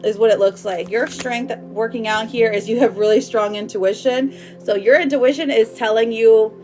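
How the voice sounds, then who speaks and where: A woman's voice: on the high side, steady tone, moderate pace, darkish tone, faint music behind. A woman doing a live tarot reading for viewers, bubbly and affectionate, chatting loosely with lots of fillers and laughs. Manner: affectionate, calls viewers girl and my love. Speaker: tarot reader.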